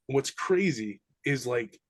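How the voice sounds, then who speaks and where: Animated man telling eerie stories. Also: mid-range voice, slow, no room sound. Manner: animated, breathless retelling of eerie events, casual slang. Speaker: podcast guest. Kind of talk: casual storytelling.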